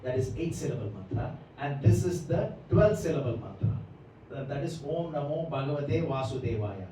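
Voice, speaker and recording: In this devotional lecture, a Bhagavatam class teacher explains scripture at length and keeps asking listeners "right?". His fairly high voice is warm and animated, at a moderate pace. Captured from afar in an echoey hall, it carries slight background noise.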